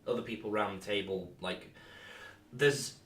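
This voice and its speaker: A young man co-hosting a casual podcast about tabletop games, animated and quick to act out his examples. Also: lowish voice. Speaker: podcast co-host and tabletop player. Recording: echoey room, far from the mic.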